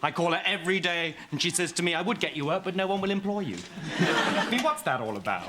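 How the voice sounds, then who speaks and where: A man's voice: high-pitched, lively intonation, quick pace. An actor playing a fussy, theatrical, self-absorbed male actor with an English accent. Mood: chatty. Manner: chatty, luvvie, self-absorbed. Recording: loud noise in sitcom clip audio.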